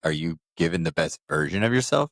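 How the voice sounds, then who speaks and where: Deep voice guy in his 40s, thoughtful podcast co-host, dry mic. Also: expressive, gravelly, dry recording. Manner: reflective, advice-giving, measured. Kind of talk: candid casual chat.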